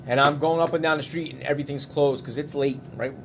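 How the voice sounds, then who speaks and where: A middle-aged man at a bar telling a casual story in an animated, profane way, acting out the quotes. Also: on the high side, quick pace, creaky, slight background noise.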